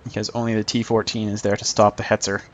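A man's voice: on the low side, little pitch movement, quick pace. A man giving casual, joking commentary over his own tank gameplay, mocking himself and chuckling often.

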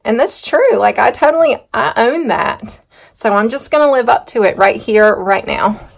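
A woman's voice: fairly high pitch, lively intonation, moderate pace, vocal fry, husky. Chatty farm woman. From North Carolina. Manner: chatty, rambling, self-teasing. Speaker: farm vlogger. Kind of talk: casual vlog chat to camera. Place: outdoors on a muddy farm, then a home kitchen.

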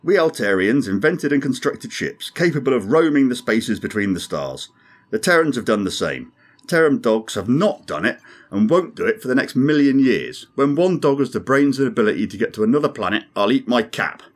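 A man's voice: medium pitch, big pitch swings, moderate pace, pitched above the performer's own voice. A man voicing a brusque, commanding male alien starship captain who demands answers. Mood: skeptical.

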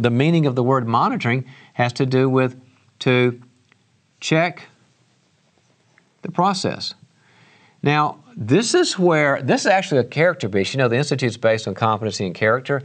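A middle-aged man lectures on leadership at a university in a loose, conversational way. He turns animated as he acts out colleagues' voices in meetings. His sentences often break off and restart. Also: medium pitch. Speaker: guest lecturer.

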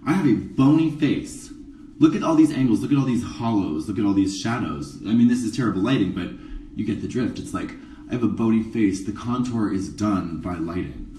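A man's voice: fairly low pitch, expressive, a little fast, dark tone, recorded from a distance, a little hiss or hum. Campy sarcastic man, roomy phone sound. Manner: campy, sarcastic, rambling asides. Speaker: drag performer doing a makeup tutorial. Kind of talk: casual live-stream chat. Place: dressing room before a show. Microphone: phone camera, a bit away.

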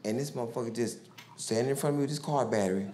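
A man doing stand-up storytelling, acting out street characters with big swings in his voice. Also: racing. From Houston, Texas. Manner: animated, acts out characters with big pitch swings. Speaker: stand-up comedian. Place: large live comedy venue. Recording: roomy live stage recording with loud crowd noise. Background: audience laughter.

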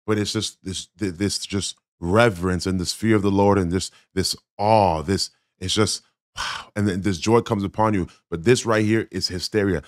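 A man's voice: low-pitched, steady tone, moderate pace, no echo, studio quality. A man giving blunt, critical reaction commentary on a sermon clip, speaking emphatically. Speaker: Christian commentator.

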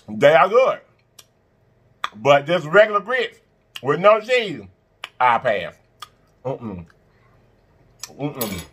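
A man hosts a casual eating-show video with a voice that sits a touch high. His delivery swings widely in pitch as he chants catchphrases to his viewers and hums through mouthfuls. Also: bright, forceful tone. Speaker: mukbang channel host.

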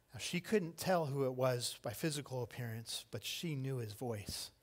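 Telling a story from the pulpit, a middle-aged male pastor with a slightly high voice preaches animatedly, performing the voices of each character.

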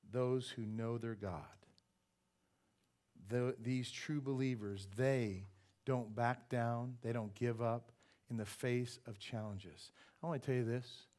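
A male pastor delivers a sermon with an ordinary mid-range voice. He preaches in an animated way, keeps asking the congregation questions and slips in light joking asides. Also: medium pitch. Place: church sanctuary.

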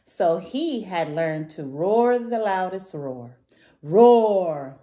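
A woman reading a picture book aloud to children, warm and sing-song. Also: lowish voice, lively intonation, slow. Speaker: children's story reader. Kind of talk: read-aloud storytelling for kids.

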